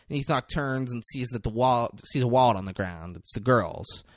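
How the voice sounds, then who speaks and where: A man casually retelling a movie scene, acting out the characters' lines in loud put-on voices, laughing and swearing. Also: medium pitch, fairly quick, dry recording, studio quality. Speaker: podcast co-host. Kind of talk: casual film recap chat.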